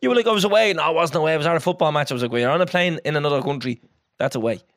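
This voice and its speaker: A young Irish man, co-hosting a podcast with quick, teasing banter. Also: a little high, animated, a bit bright, no echo, clean studio sound. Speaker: podcast co-host. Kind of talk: casual chat.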